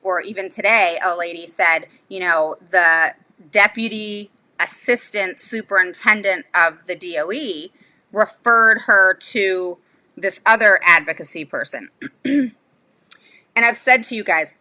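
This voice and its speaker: A woman's voice: medium pitch, a little slow, sharp tone. A woman speaking as a special education advocate to her viewers, blunt and fired up, with many "okay?" tags and rambling asides. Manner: rambling asides and sudden laughs. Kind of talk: casual livestream talk to viewers.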